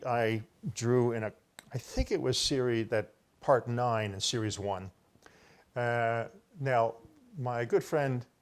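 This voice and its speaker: An older man giving a rambling solo talk, presenting his own research and often correcting himself as he insists he was first with an idea. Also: medium pitch. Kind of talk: solo lecture to camera, showing book pages.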